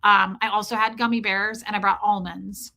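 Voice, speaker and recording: A woman hosting a livestream, telling a comic story in a casual, profane, animated way and calling out viewers in the chat by name. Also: medium pitch, moderate pace, gravelly. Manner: animated, profane, ranting, reads chat names aloud. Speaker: livestream host.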